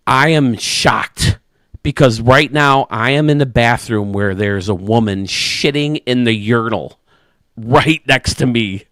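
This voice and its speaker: Male channel host, mid-pitched, spinning a lively anecdote; close dry mic. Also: unhurried, no room sound. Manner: animated, chuckling anecdote-teller. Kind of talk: casual storytelling to camera.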